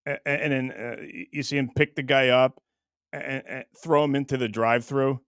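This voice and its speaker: A man's voice: medium pitch, fairly even intonation, a little fast, fairly bright tone, no room sound, studio quality. A man hosting a show, riffing through comic bits in casual chat and laughing often. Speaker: host.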